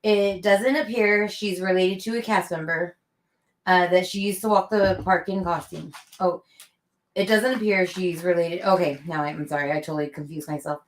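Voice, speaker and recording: A woman's voice: fairly low pitch, fairly even intonation, normal speed. A woman co-hosting a casual livestream chat, chiming in with short agreeing replies. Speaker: co-host. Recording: roomy echo.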